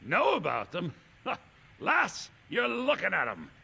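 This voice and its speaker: Boastful video game pirate, lively up and down drawl, old-time pirate accent. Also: male voice, high-pitched, creaky, slightly rough, muffled recording, heavily acted. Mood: swaggering. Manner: theatrical, drawn-out pirate drawl. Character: swaggering male pirate captain, boastful and sly.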